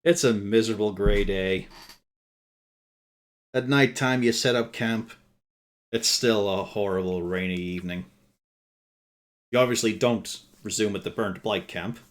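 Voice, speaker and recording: A man's voice: lowish voice, measured pace, long pauses. Wry, swearing male game master. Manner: dry, wry narration laced with profanity. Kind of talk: narrating a tabletop game on a live stream.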